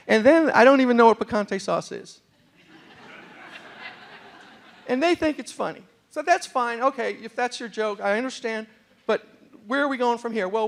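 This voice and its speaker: A middle-aged man tells a comic story to a university crowd. His voice sits high for a man and has a gravelly edge. His accent mixes New York with West Virginia, and he jumps into other people's voices with lively comic timing. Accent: mixed New York and West Virginia. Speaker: storyteller and motivational speaker. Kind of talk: humorous storytelling talk. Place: university lecture hall with a live audience.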